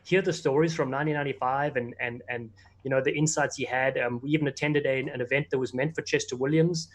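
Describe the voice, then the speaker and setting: American guy, quick talker, friendly stories on a live stream chat. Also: mid-range voice, steady tone. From United States. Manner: friendly, anecdotal. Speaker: guest, rugby commentator. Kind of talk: casual interview chat.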